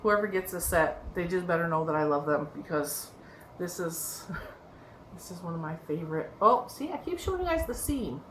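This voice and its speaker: A woman's voice: fairly low pitch, lively intonation, moderate pace, fairly bright tone. A woman vlogger in a casual show-and-tell chat about her crochet projects, rambling and laughing often. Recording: echoey room with faint background noise.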